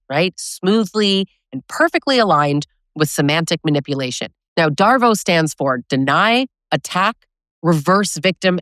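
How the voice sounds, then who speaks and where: Low voice woman teaching about relationships, punchy, keeps saying right?, dry close sound. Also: a bit bright, no echo. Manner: emphatic, keeps adding "right?"; direct, coaching tone. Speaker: abusive relationship educator. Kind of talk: direct-to-camera talk.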